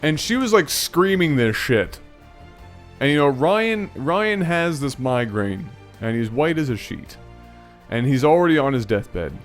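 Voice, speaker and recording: A man casually telling a long story to his viewers, animated and rambling. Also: fairly high pitch, measured pace, faint music behind. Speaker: storytelling video host.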